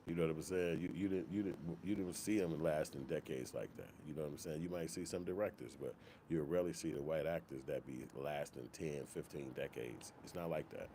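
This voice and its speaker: Deep-voiced man ranting casually. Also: brisk, slight background noise. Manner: profane, animated, slips into mock quoted voices. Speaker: commentary channel host. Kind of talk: casual opinion rant.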